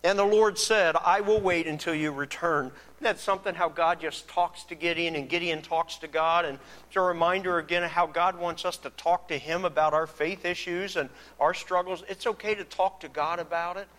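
A man's voice: high-pitched, steady tone, normal speed, fairly bright tone. A man preaching a sermon in an earnest way, acting out the pleas of biblical figures. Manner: earnest, acts out biblical speakers with rising emotion. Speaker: pastor.

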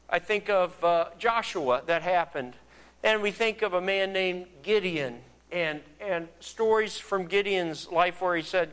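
A man's voice: high-pitched, unhurried, a bit bright. A man preaching a sermon in an earnest way, acting out the pleas of biblical figures. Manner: earnest, acts out biblical speakers with rising emotion. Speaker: pastor.

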